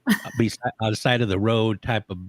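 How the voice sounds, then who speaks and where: Lively storytelling man, dry close mic. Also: on the low side, brisk, dry recording. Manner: animated storyteller, laughs often, many restarts. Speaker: co-host of a social media talk show. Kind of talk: casual chat.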